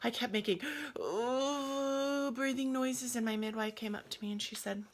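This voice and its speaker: A woman's voice: fairly high pitch, measured pace. A woman casually telling her own story in a vlog, emotional and often dropping to a near-whisper. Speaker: yoga vlogger telling her birth story.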